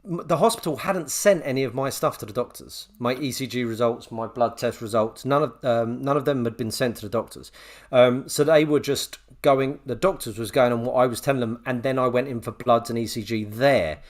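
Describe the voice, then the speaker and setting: A man co-hosting a podcast, telling a story with lively re-enactments of a phone call. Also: mid-range voice, fairly quick. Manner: animated storyteller, acts out both sides of a phone call. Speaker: podcast co-host. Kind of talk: casual chat, storytelling.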